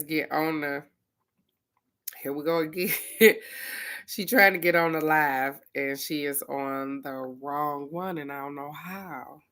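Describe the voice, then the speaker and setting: A middle-aged woman hosting a casual livestream in a chatty, informal way, laughing easily between thoughts. Her voice sits a little low but has a bright, forward edge. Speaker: livestream host.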